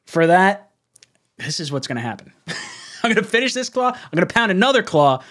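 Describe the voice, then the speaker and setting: A young man hosting a casual fan livestream, excitable, laughing often and reading chat messages aloud. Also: high voice, moderate pace. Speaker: livestream host.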